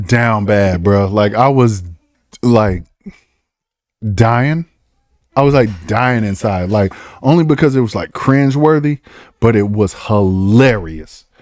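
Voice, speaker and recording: A man's voice: medium pitch, a little mellow, no room sound, studio quality. A man co-hosting a casual podcast, laughing and swearing as he retells a debate. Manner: laughing, swearing, mimicking politicians. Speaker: podcast co-host.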